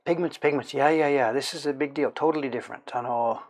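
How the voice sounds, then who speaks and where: A man's voice: medium pitch, fast. A middle-aged man from Canada chatting casually on a livestream as a woodblock printmaker, rambling and self-correcting as he tells stories. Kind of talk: casual chat while working.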